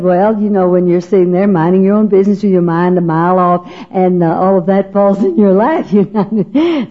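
A middle-aged woman telling a funny story to an audience, animated and laughing, acting out the voices. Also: medium pitch. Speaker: speaker at a women's gathering. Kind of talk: humorous storytelling talk to an audience. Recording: dull lo-fi recording.

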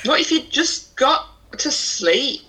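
A young woman with a bright, sharp-edged voice chats casually about a film. She chimes in with wry asides and dry little jokes. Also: sits high, lively intonation, slow. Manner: wry reactions and dry quips. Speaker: co-host. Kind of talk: casual film recap chat.

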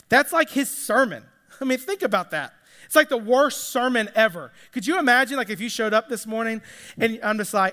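Guy preaching casually, jokey and chatty, high voice, echoing through a big hall. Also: lively intonation, moderate pace, sharp tone. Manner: chatty, joking, acts out quotes. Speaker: pastor. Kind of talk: casual sermon. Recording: long hall reverb.

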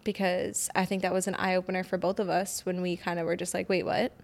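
Frank, animated woman podcast host. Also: lowish voice, fairly quick, gravelly. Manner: frank and animated, swears freely, acts out quoted dialogue. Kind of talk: candid podcast conversation.

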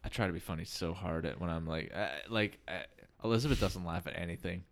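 A man's voice: low-pitched, quick pace. A man in his thirties co-hosting a podcast, telling crude, joking stories in casual chat. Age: 30s. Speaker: podcast co-host.

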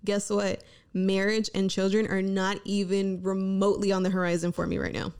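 A woman's voice: medium pitch, steady tone, moderate pace, darkish tone. A woman in her thirties hosting her own podcast, talking casually and candidly, swearing freely and mocking herself. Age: 30s. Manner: chatty, swearing, self-mocking pep talk. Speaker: podcast host. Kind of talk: casual solo podcast chat. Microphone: podcast microphone.

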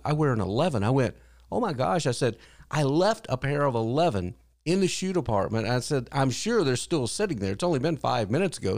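A man's voice: medium pitch, darkish tone, no echo, clean studio sound. Earnest older man telling a story. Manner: earnest, acts out quotes in a raised voice. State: widowed, grieving but hopeful. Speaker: podcast host. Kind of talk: personal storytelling monologue.

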